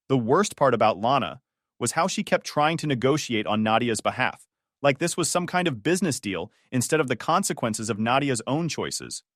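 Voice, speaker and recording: A man's voice: medium pitch, lively intonation, normal speed, a bit bright, no echo. A young man narrating his own story in a dry, sardonic tone. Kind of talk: scripted first-person story narration.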